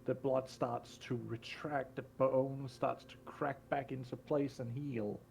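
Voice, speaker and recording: A slow-talking man narrates a tabletop game as game master, his voice gravelly and unhurried. He describes the action with plenty of small fillers. A faint hiss sits under the recording. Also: mid-range voice, little pitch movement, darkish tone.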